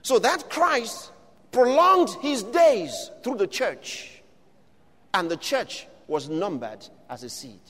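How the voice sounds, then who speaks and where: A man preaching with a high, swooping voice that rises and falls freely. He presses his congregation with repeated questions, and his words ring out in the long reverb of a large hall. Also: very animated, slow, fairly bright tone. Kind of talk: sermon.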